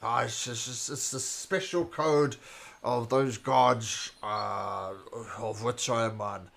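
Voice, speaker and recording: Man doing a self-proclaimed god-king, tipsy and stammering, slow, bright-toned. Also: mid-range voice, vocal fry, slight background noise. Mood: boastful. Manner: grandiose, rambling, stammering. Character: boastful tipsy old king who claims godhood.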